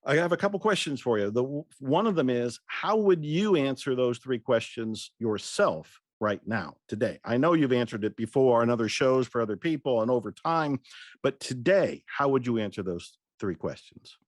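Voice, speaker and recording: A man interviewing a guest in casual conversation, affirming with soft murmured responses. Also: medium pitch, expressive, moderate pace, no echo, studio quality.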